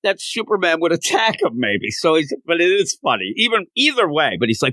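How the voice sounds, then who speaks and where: A man's voice: on the high side, no echo. A man co-hosting a comic book podcast, retelling scenes in a casual chat and acting out the characters' lines. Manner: animated, acts out characters' lines in quick voices. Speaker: podcast co-host.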